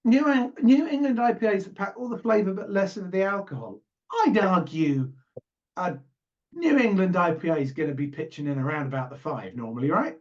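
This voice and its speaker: A man's voice: high-pitched, animated, fairly quick, lo-fi sound. A man co-hosting a casual podcast, talking in a playful, rambling, teasing way. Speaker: podcast co-host. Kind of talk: casual chat.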